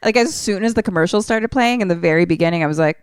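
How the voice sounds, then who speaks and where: A young woman co-hosting a podcast, retelling a film in a casual, animated way and laughing often. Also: lowish voice, fast, smooth, dry recording. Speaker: podcast co-host.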